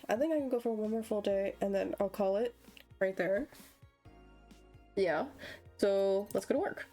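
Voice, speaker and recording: An excitable woman streaming a game, reacting loudly and swearing freely. Her talk is casual and quick to laugh, with faint music in the background. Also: medium pitch. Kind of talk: casual gameplay commentary.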